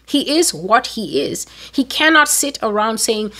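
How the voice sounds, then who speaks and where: A woman preaching a prophetic sermon, emphatic and rising to sudden loud peaks as she quotes God's words. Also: on the high side, sing-song, unhurried, few pauses. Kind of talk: sermon-style prophetic teaching.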